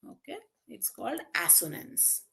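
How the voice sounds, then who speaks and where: Woman, online teacher: encouraging, slow and deliberate, bright tone. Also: medium pitch, big pitch swings, creaky. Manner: encouraging, praises students by name and asks the class questions; slow and deliberate, draws out key terms and examples. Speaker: English teacher. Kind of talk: online exam-prep lesson.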